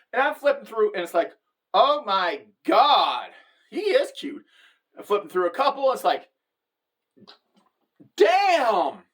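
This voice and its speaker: A middle-aged woman telling a comic personal story to the camera, animated and conversational, with frequent asides to the viewer. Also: medium pitch. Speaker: comedic storyteller.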